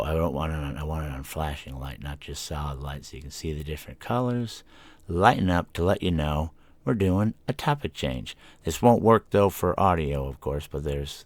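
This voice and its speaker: Very deep-voiced man rambling on his podcast. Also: no echo. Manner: rambling, self-reflective, talks to his cat. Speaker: podcast host. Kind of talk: casual solo podcast talk. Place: home room. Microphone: desk microphone.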